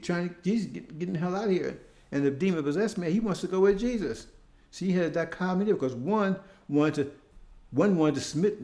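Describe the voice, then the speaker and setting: A man's voice: fairly high pitch, a little mellow, echoey room. A man preaching informally, in a conversational tone, often checking in with his listeners with short questions. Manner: conversational, keeps asking "see?".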